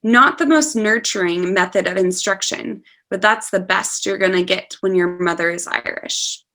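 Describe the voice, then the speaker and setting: A woman's voice: mid-range voice, normal speed, bright, forceful tone. A woman teaching an online class on scholarship essay writing, speaking patiently and reading a student's essay aloud over a video call. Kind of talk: online lecture.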